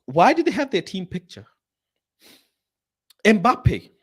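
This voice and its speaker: Exasperated ranting man, lively high voice. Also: slow, slightly rough. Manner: exasperated, mocking, swearing outbursts; mutters while reading a screen aloud. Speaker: football channel host. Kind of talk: ranting reaction commentary.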